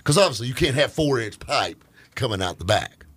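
A man in his forties telling car stories in casual chat, animated and quick to laugh. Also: husky. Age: 40s. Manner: animated storyteller, lively pitch, laughs often.

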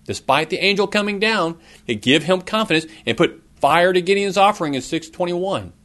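A man's voice: high-pitched, animated, moderate pace, fairly bright tone. A middle-aged man preaching a sermon, earnest, asking his listeners questions, with a cough now and then. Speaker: pastor.

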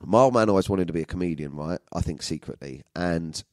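A man's voice: sits low, a little fast, a little mellow, no echo. A man, a comedian telling rambling, sweary stories about his family. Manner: sweary, rambling, with frequent fillers. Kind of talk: storytelling monologue.

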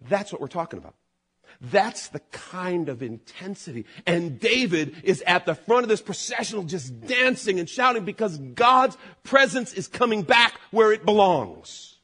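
A man preaching a sermon as pastor, animated, building to loud emphatic peaks and then dropping low. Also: normal speed, husky.

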